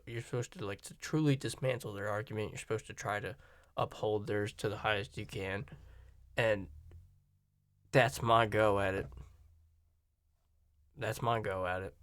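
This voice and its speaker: Gravelly-voiced American man rambling casually. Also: fairly low pitch, dry recording, clean studio sound. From Virginia and Florida, USA. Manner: opinionated, rambling, self-interrupting.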